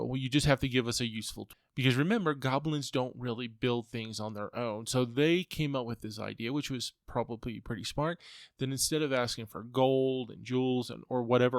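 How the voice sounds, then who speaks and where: A man's voice: medium pitch, clear, resonant tone, no room sound, studio quality. A man hosting a podcast, telling a long dungeon master story in a rambling way, repeating himself to stress his points. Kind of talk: casual storytelling monologue.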